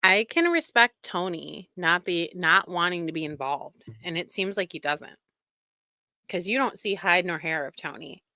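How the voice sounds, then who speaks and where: A woman's voice: lowish voice, lively intonation, normal speed, bright, forceful tone, dry recording. A woman hosting a casual commentary show, talking in an indignant, emphatic way. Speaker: commentary host.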